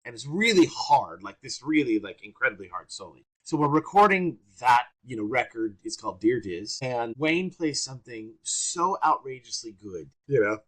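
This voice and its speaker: A man in a relaxed interview, spinning anecdotes with sudden bursts of energy. His voice sits in a middle register. He talks casually and warmly, in no rush. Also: medium pitch, moderate pace, few pauses, husky. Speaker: guest trumpeter. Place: works around Orange County, California.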